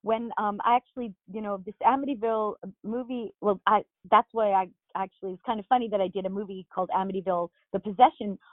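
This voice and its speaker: A woman's voice: medium pitch, steady tone, quick pace, few pauses, dry recording. A middle-aged woman from Long Island with a Long Island accent, chatting as an interview guest with lots of fillers and restarts. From Long Island, New York. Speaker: guest actress. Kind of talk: casual interview chat. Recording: dry tinny phone-like line.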